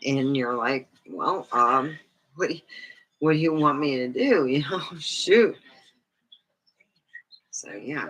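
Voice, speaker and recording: A woman's voice: extremely low pitch, gravelly, low-quality recording. A woman vlogger rambling in casual live-stream chat, with many fillers and asides.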